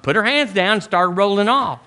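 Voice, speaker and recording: Folksy pastor preaching. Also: male voice, normal speed, sharp tone. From Southern US. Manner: folksy storytelling, acts out quotes with sudden high-pitched voices. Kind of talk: sermon.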